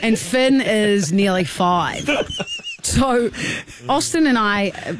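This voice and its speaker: A young Australian woman hosting a radio show, telling stories in a lively way and acting out the people in them. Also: mid-range voice, slow, background noise. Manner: animated storyteller, acts out the people in her stories. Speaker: radio host. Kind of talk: casual radio banter. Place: radio studio.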